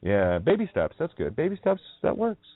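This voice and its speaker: A man's voice: a little high, huge pitch swings, normal speed, no room sound. A man hosting a rambling solo radio monologue. He talks in a profane, mocking way, laughs often and plays on the sounds of words. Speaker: radio show host. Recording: narrow, tinny phone-like audio.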